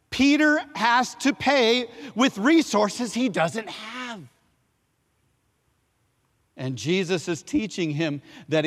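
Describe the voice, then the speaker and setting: A man with a somewhat high voice preaches to a congregation, repeating key phrases and asking them to say lines back. He pushes up for emphasis and then falls to near-hushed tones. His voice rings out with the long reverb of a big sanctuary. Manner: call-and-response, repeats key phrases, swings from loud to hushed. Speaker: pastor. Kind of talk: sermon.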